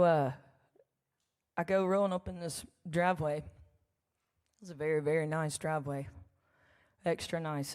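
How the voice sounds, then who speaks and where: A woman with a lowish, darkish voice chats between songs at a live show, spinning a folksy, joking story full of laughs and asides to the crowd. She's a songwriter on stage in a large church hall, and the sound carries that big room's long reverb.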